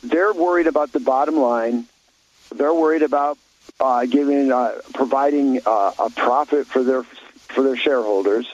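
A man's voice: medium pitch, moderate pace, highs cut off. A man talking in a blunt, opinionated way on a talk radio show, rambling with many restarts.

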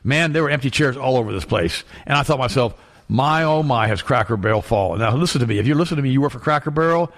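Guy rattling off a story quick, repeats himself when fired up, echoey room. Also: medium pitch. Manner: animated storyteller, repeats words when excited. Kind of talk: casual chat, telling an anecdote.

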